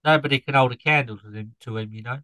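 A dim, cheeky scarecrow from a farm, as a man puts him on, rambling from pun to pun and losing his accent along the way. The voice sits a little high, and the recording is dry and close. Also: flat delivery, moderate pace, sharp tone, smooth, no room sound, poor audio. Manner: punning, rambling, loses his put-on accent.

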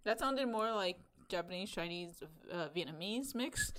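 An easygoing woman running a casual word-guessing game with friends. She talks in a relaxed way and laughs often. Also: medium pitch, normal speed, over a noisy crowd. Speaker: game host.

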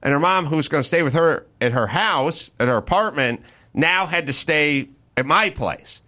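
Brash, bright-voiced man telling stories. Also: on the high side, moderate pace. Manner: profane, animated anecdote with acted-out quotes. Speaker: podcast host. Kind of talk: casual storytelling chat.

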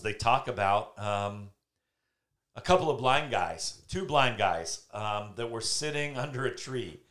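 Male host, casual faith talk recorded at home, animated storytelling with acted-out quotes, mid pitch. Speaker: podcast host.

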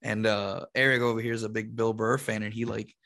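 A man's voice: on the low side, brisk, vocal fry. A middle-aged man from Rico, a comedian and podcast co-host chatting as a guest. He tells stories with energy, laughs often and jumps into the voices of the people in them. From Puerto Rico. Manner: animated storyteller who acts out other people and laughs often. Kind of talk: casual chat, guest storytelling.

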